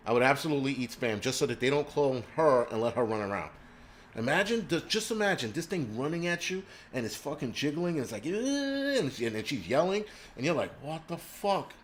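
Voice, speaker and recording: A man's voice: mid-range voice, big pitch swings, brisk, a little hiss or hum. A man hosting a livestream, ranting crudely and rambling while he answers viewers' chat. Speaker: livestream host.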